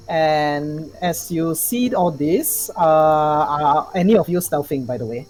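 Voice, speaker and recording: Low, mellow-voiced woman game master. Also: faint music behind, rough recording. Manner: halting, restarts and filler sounds while describing scenes. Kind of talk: narrating a tabletop game.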